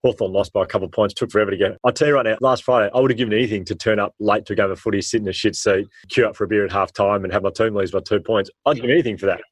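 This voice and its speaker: An Australian man, a former teacher, telling stories with animated, slangy energy in an interview. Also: on the low side, racing, hardly any pauses, slightly rough, no echo. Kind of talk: storytelling in a podcast interview.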